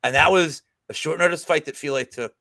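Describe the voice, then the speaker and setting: This man talks with a gravelly, fry-laden edge and a bright, forceful tone. He co-hosts a betting podcast in casual chat, animated and profane, with a jokey storyteller's bent. The sound is dry and close. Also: on the high side, a little fast, no room sound.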